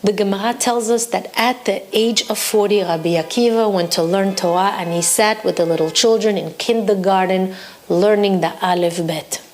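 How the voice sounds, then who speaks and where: A woman Torah teacher telling a story from tradition in a lively, expressive way for her lesson. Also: mid-range voice, normal speed, slight background noise.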